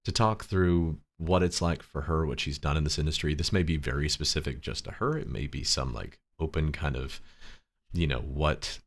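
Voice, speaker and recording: Deep gravelly guy hosting a late night stream, sleepy, rambly, lots of ums. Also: normal speed. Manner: relaxed, rambling, laughs often. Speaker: host. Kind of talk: casual livestream chat. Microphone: desktop microphone.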